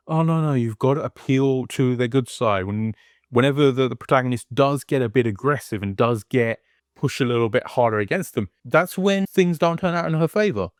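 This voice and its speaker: Man, ranting video host, heated, constant swearing, mid-pitched voice, dry recording. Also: dry recording. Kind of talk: casual profane rant.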